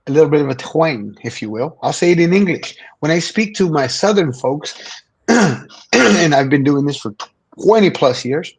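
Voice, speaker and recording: Earnest middle-aged man with husky voice. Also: on the high side, animated, a little slow. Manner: earnest, repeats words when starting phrases. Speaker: podcast guest. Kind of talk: motivational conversation.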